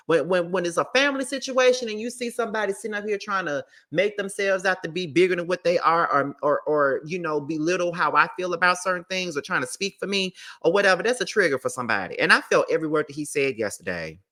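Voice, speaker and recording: A woman's voice: lowish voice, expressive, fast talker, few pauses, fairly bright tone. A woman giving blunt, profane gossip commentary and reading text messages aloud. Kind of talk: opinionated commentary.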